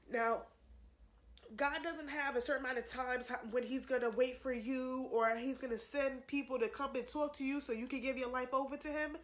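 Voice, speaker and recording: Young woman preaching her testimony, pleading, keeps saying y'all, kinda high voice. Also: fairly bright tone. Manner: earnest, repetitive, pleading, addresses viewers as y'all. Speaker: vlogger giving testimony. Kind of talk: religious testimony to camera.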